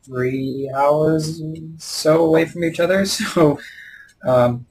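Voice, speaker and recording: A man's voice: a little high, takes it slowly, darkish tone, poor audio. Man, from Canada, podcast co-host, laid-back, filler-heavy, dry quips. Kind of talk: casual podcast chat.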